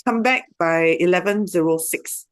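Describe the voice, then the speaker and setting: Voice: medium pitch, moderate pace, no echo. A teacher with a Singaporean English accent co-leading an online English lesson and chatting about what the class should do next.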